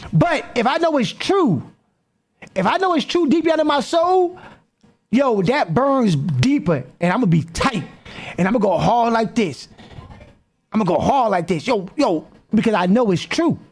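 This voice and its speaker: Animated high-pitched man reacting on stream. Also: normal speed, slightly rough. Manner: animated, repeats himself, calls out to people. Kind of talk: live-stream reaction commentary.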